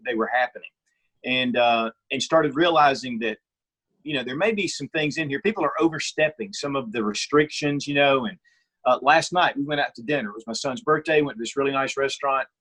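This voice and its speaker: A middle-aged man, a guest on an interview, talking in an opinionated, storytelling way with a husky voice. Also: medium pitch, a little fast, a bit bright. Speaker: guest, firearms reviewer. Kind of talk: casual interview chat.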